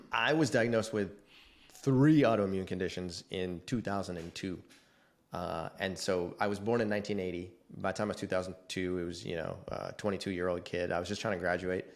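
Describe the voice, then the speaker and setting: A man in his forties, a podcast guest, telling his story in a casual, animated way and acting out the quoted dialogue. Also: low-pitched. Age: 40s.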